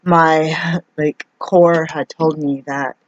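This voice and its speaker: A woman's voice: deep voice, fairly even intonation, extremely slow, dry recording. A woman vlogger speaking in a personal confessional monologue, rambling and hesitant as she restarts her sentences. Her voice comes across dry, with no room sound. The recording is muffled and lo-fi.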